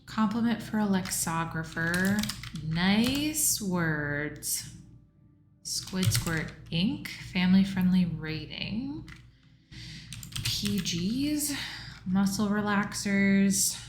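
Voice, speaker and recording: A woman's voice: medium pitch, very slow, long pauses, over music. A woman livestreaming a crossword solve, reading clues aloud and musing over answers in casual think-aloud talk. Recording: roomy echo.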